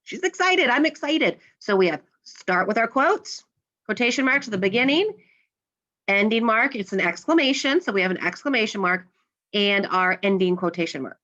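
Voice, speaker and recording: A woman's voice: mid-range voice, expressive, moderate pace, sharp tone, dull audio. A woman teacher explaining a grammar lesson step by step, patiently, and acting out the example lines.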